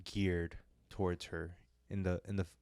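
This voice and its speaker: A man's voice: low-pitched, flat delivery, normal speed, a little mellow, no room sound, clean studio sound. A young man co-hosting a film podcast, talking in a loose, rambling way with lots of fillers and self-deprecating asides. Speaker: podcast co-host reviewing films. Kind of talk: casual podcast chat.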